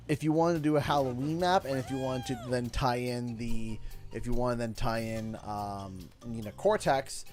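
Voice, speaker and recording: A man from Canada hosting a gaming livestream, rambling with many fillers and restarts, getting loud and excited over donations. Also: medium pitch. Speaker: livestream host.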